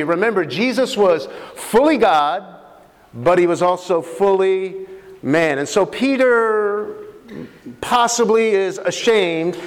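A man preaching a sermon, reading scripture aloud with expressive, dramatic pauses. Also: high voice. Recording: long hall reverb.

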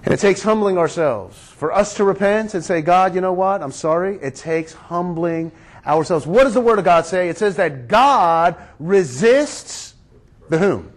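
A man's voice: high voice, expressive, a little slow. A man pastor preaching a sermon, emphatic and drawing his congregation into call-and-response.

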